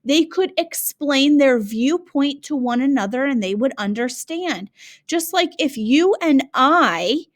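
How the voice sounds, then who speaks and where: A woman teacher giving a lesson, speaking clearly and patiently and asking her students questions. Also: high voice, expressive, unhurried. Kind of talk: classroom lesson narration.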